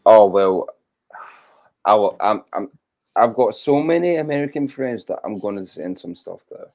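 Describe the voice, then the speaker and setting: A man's voice: fairly low pitch, animated, moderate pace, a little mellow. A man with a Scottish accent chatting casually, swearing freely and loosely. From Scotland. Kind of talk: casual chat.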